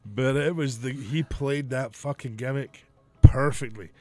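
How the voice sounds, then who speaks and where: A man's voice: mid-range voice, a little slow, dry recording, soft background music. A middle-aged man, a podcast host and former wrestler, telling stories in casual chat, swearing freely and laughing often. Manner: profane, laughs often, storytelling.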